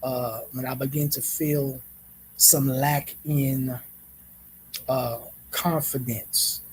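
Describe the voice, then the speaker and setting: A man hosting a reflective monologue, speaking in a measured way, repeating phrases and often checking in with "right?". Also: mid-range voice, flat delivery, a little hiss or hum, rough recording. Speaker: host.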